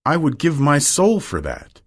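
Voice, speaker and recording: A vain, anguished young man, voiced by a male reader, pleading with rising emotion. His voice sits higher than the reader's own, and his lines swing with lively pitch. Delivered slowly, as in a storybook reading. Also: husky, heavily acted.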